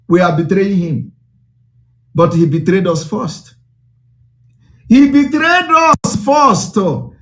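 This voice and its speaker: Speaking with a Nigerian accent, this man delivers an impassioned broadcast, declaiming fiercely and repeating himself a lot. His voice sits high and sounds a bit bright.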